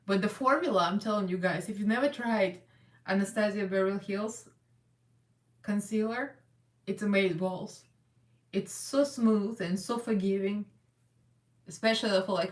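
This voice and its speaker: A woman hosting a casual live makeup chat, chatty and rambling, laughing often as she works. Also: medium pitch. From Russian American. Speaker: makeup livestream host. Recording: echoey room, voice a little far from the mic.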